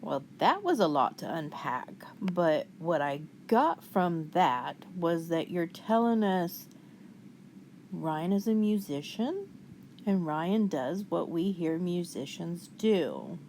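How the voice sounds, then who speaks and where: A woman hosting a commentary video, calmly and skeptically rebutting the clips she plays. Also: on the low side, slow pace, slight background noise. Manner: calm, skeptical, wry rebuttals. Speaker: commentary channel host. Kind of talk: reaction commentary.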